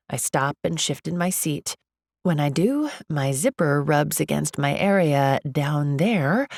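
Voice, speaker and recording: A woman narrates a first-person romantic comedy audiobook in an expressive, confiding voice. Her voice is low with a gravelly edge. The recording is dry and close. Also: no echo.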